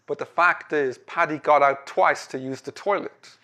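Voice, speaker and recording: A somber male factory manager delivers bad news in a quiet, solemn tone, as a man tells him in a joke. The voice stays close to his own. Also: fairly high pitch, moderate pace.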